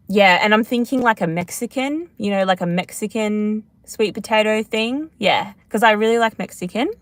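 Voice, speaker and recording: A woman's voice: medium pitch, no echo. Rambling chatty woman. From Australia. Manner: rambling, chatty, self-deprecating. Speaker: livestream host answering comments. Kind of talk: casual live Q&A chat.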